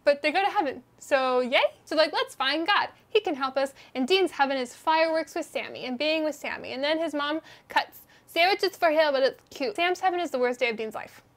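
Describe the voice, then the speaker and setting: A young woman narrating a fast comedic recap in a sarcastic, slangy, bouncy way. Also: high-pitched, fairly bright tone. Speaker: animator and narrator.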